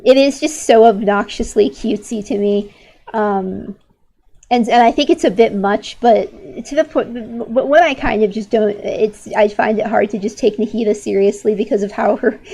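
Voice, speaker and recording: Teen woman streamer chatting while she draws, mid-pitched, rambling, strongly opinionated, full of fillers. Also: mellow, breathy edge. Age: late teens. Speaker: art streamer. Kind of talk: casual chat while drawing on stream.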